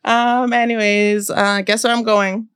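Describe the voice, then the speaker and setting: Young woman from boston, podcast co-host, unhurried slangy talk, dry close sound. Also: on the high side, little pitch movement, a bit bright, smooth, no echo. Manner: laid-back, laughs often, slangy. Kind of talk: casual chat.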